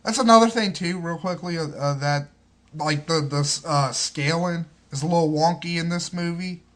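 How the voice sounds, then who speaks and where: Male movie reviewer, rambling, swears a lot, slightly high voice. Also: moderate pace, a bit bright. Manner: rambling, profane, many fillers and restarts. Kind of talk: casual spoken review.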